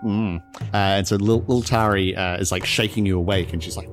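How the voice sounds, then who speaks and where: Deep-voiced man running a tabletop game. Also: steady tone, faint music behind. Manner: halting, filler-heavy storytelling. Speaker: game master.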